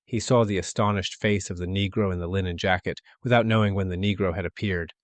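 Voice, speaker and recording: A man reads a classic short story aloud in a steady, measured audiobook narration. His voice sits low, and the recording is dry and close to the mic, with no room sound. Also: dry recording. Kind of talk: scripted literary narration.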